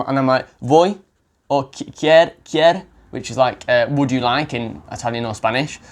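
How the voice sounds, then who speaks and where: A young English man, a language coach, giving casual spoken advice with a chatty, self-correcting manner and frequent restarts. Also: medium pitch. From England.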